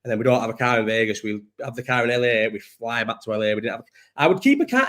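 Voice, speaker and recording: A man's voice: mid-range voice, expressive, racing, a bit bright. Rambling sweary young man. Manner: rambling, sweary, laughs often. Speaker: livestream host. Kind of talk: casual chat reading live chat.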